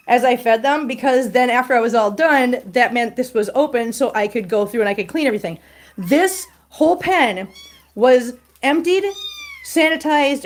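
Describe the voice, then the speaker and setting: A middle-aged woman hosting a casual livestream, chatting to viewers and cooing baby talk at her kittens. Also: on the high side. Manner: answers viewer comments aloud. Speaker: livestream host with cats.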